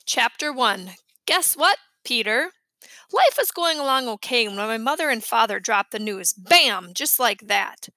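A woman reading a children's chapter book aloud with lively storytelling. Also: on the high side, normal speed, few pauses, no echo. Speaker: reader.

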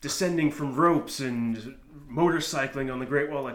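Man, casual chat, sarcastic riffing, mid pitch. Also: normal speed, few pauses. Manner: joking, listing things sarcastically.

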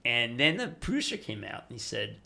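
An older man telling animated stories as a podcast guest, excitable, bursting into fast runs and acting out other people's lines. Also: medium pitch, gravelly. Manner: excitable, fast bursts, acts out quoted voices. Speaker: guest, TV financial personality. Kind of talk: animated storytelling in a podcast interview.

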